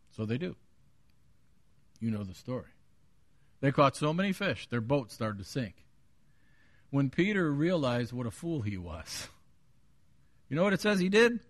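Animated preaching man, dry sound. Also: normal speed, long pauses, no echo. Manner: dramatic preacher, booming on scripture quotes and dropping low on asides; jokes with the congregation. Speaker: pastor. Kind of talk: sermon.

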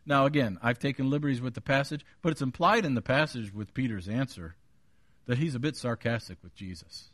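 A man preaching a sermon, booming when he quotes scripture, dropping low on his asides, and joking with the congregation. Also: a little fast, fairly bright tone, no echo, clean studio sound. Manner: jokes with the congregation. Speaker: pastor.

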